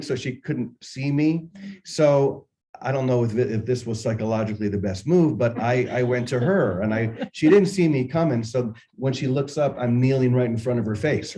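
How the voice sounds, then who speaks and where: An older man hosting a morning spiritual session, musing unhurriedly and telling a personal story with gentle humor. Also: medium pitch, rough recording. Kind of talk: reflective spiritual talk with storytelling.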